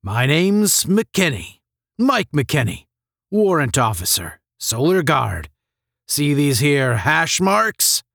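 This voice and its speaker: A man doing a gruff veteran space sergeant. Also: on the high side, sing-song, slow pace, a bit bright, no echo, clean studio sound, full character voice. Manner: barking, drill-sergeant commands.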